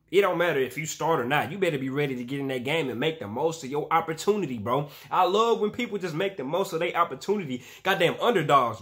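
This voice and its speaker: A young man in his twenties hosting a reaction video, talking in casual slang and bursting into shouts and laughs at the highlights.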